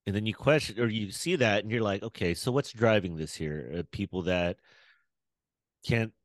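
A man's voice: lowish voice, moderate pace, no room sound. A man in casual podcast chat, musing and asking reflective questions.

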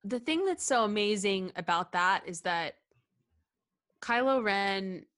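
This podcast co-host discusses a film scene in casual, heartfelt conversation, speaking slowly in an expressive, mid-range voice with a fairly bright tone. She hesitates a lot, restarting and saying um often, and laughs frequently while staying earnest.

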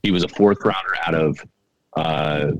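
A middle-aged man telling a story on a podcast in a halting, earnest way, often repeating his words. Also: a bass voice, steady tone, muffled recording. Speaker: podcast guest. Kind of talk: casual storytelling.

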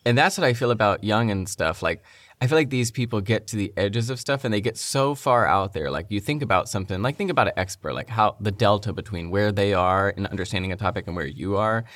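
A man's voice: fairly low pitch, lively intonation, fast, fairly bright tone, no room sound. A man co-hosting a podcast, thinking aloud in a reflective, casual way with many fillers. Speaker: podcast co-host. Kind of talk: casual conversation.

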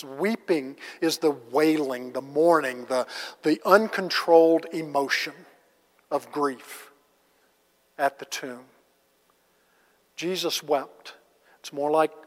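Man teaching a Bible class in a hall. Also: mid-range voice. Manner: casual, asks the class rhetorical questions. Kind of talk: conversational Bible lesson. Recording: long reverb of a large hall.

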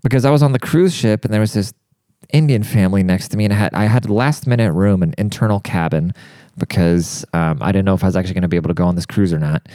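Profane, rambling young man with dark voice. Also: low voice, fast, no room sound, clean studio sound. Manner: profane, rambling, fired-up, says dude a lot. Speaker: monologue speaker. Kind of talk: crude comedic rant.

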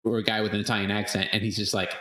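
A man's voice: lowish voice, flat delivery, very fast, sharp tone, reverberant. A man co-hosting a casual film-review chat, rambling and swearing freely as he laughs. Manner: rambling, profane, laughs often. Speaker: podcast co-host.

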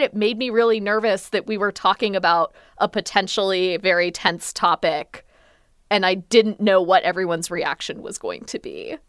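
A young woman co-hosting a podcast, telling stories in a wry, animated way. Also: medium pitch, dry recording, clean studio sound. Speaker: podcast co-host. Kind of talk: casual chat.

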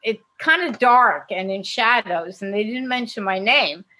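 An older woman talks through her memories with a lively storyteller's energy and frequent laughs. She speaks in a relaxed conversational interview manner. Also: medium pitch, unhurried, poor audio. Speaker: actress and guest. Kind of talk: casual interview chat.

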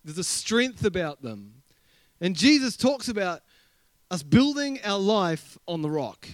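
A man's voice: high-pitched, sing-song, measured pace, no echo. A New Zealand man, a senior pastor, preaching a sermon with chatty, humorous personal stories and questions to the congregation.

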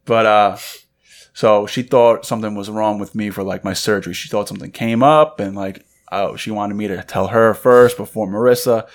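A man, co-hosting a podcast, telling a story in animated fashion and acting out what others said. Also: on the low side, moderate pace. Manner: animated storytelling, acts out quotes. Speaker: podcast co-host. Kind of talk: casual chat.

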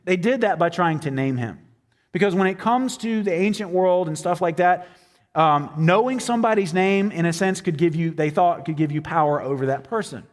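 Male pastor, higher-pitched, conversational sermon delivery, long hall reverb. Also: moderate pace. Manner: conversational preaching with fillers and acted-out quotes.

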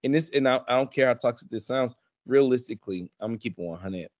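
A man, co-hosting a casual podcast chat and ranting in a profane, animated way. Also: medium pitch, fast, no echo. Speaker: podcast co-host.

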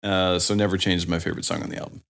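A man's voice: low voice, flat delivery, racing, fairly bright tone, clear, resonant tone. A man co-hosting a podcast, talking eagerly about songs and lyrics in casual chat. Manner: enthusiastic, analytical about music. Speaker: podcast co-host.

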